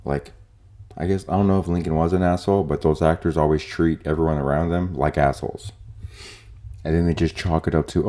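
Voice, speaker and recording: A young man with an extremely low, dark voice rants casually on his own podcast. He is opinionated and profane, rambling through his points with plenty of filler words. The delivery is loose, like chatting to friends. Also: steady tone, fairly quick. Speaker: podcast host. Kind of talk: casual solo podcast rant.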